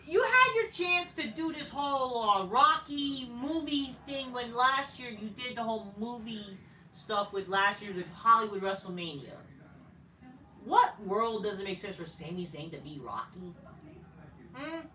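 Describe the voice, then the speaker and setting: A man's voice: extremely high pitch, lively intonation, a little slow, pushed and bright, roomy sound, distant mic, a little hiss or hum, low-quality recording. A man ranting through a casual wrestling show review, profane and exasperated, rambling from one gripe to the next. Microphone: camera mic at a distance.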